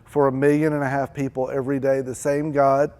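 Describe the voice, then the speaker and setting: A man preaching a church sermon, acting out desperate pleas with rising intensity and then dropping low and quiet. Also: level tone, a little fast. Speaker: pastor.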